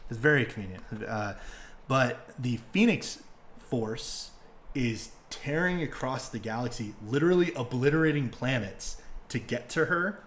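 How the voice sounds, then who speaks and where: A young man hosting a podcast, retelling stories in casual, excitable chat full of fillers and swearing. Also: medium pitch, measured pace, a little hiss or hum. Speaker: podcast host.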